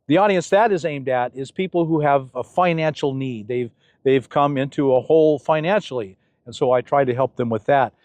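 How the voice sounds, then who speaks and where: A man's voice: mid-range voice, moderate pace, darkish tone, no echo. An older man in a casual interview, telling stories in a folksy way and acting out the voices in his anecdotes. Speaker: channel host being interviewed.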